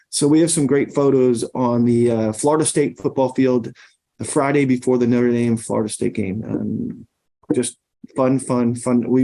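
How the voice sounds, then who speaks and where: A man's voice: mid-range voice, steady tone, moderate pace, dark tone. A middle-aged man, a podcast guest, tells long anecdotes in casual conversation, full of fillers and restarts. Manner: rambling anecdotes with many fillers.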